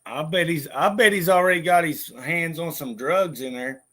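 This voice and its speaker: A man's voice: on the high side, normal speed, sharp tone. A man vlogging in casual chat, rambling, swearing freely and laughing often. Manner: profane, laughs a lot, rambling.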